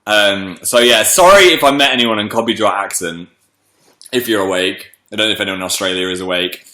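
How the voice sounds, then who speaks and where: Bright-voiced man hosting a livestream. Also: on the low side, a little fast, echoey room. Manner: chatty, greets viewers by name. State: slightly congested from a cold. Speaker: livestream host. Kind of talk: casual livestream chat.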